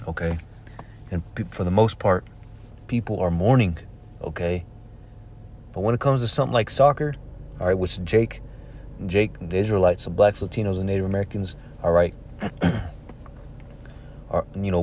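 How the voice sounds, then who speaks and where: A man's voice: low-pitched, a little mellow, slight background noise. A man preaching informally from scripture, talking conversationally and checking in with "all right?" and "man" between verses he reads aloud. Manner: reads verses aloud in old-fashioned wording.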